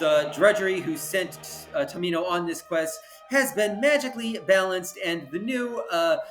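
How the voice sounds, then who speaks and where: A man's voice: on the high side, fairly bright tone. A man in his thirties hosting his channel and giving a snarky, profane opera summary, full of hesitant fillers and blunt put-downs. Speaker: channel host. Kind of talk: opinionated opera summary monologue.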